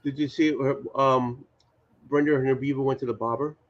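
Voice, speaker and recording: Male, Boston accent, animated chatter, muffled lo-fi audio. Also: mid-range voice, a little fast. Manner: animated, insistent, repeats himself. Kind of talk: casual chat.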